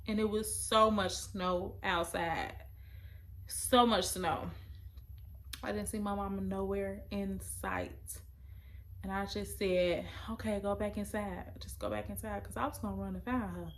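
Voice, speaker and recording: Woman, young adult, casual personal storytelling, emotional, halting delivery, mid-pitched voice. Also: fairly even intonation.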